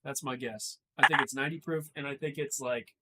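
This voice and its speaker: A man co-hosting a live whiskey tasting stream, joking and laughing loudly. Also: medium pitch, a little fast, heavy background noise. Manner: jokey, laughs loudly, lively. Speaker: podcast co-host. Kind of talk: casual tasting chat.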